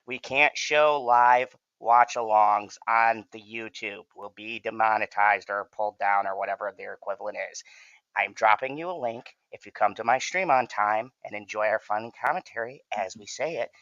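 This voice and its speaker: A man's voice: mid-range voice, fairly bright tone, dry recording, lo-fi sound. A man hosting a live watch-along stream, chatting casually with lots of cursing and rambling jokes. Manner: profane, rambling, joking. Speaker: stream host.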